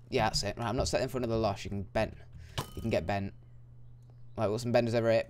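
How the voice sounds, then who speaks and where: A young man giving casual, excitable gameplay commentary that swings into loud, frustrated yelps. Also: on the low side, quick pace, slight background noise. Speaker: gaming YouTuber.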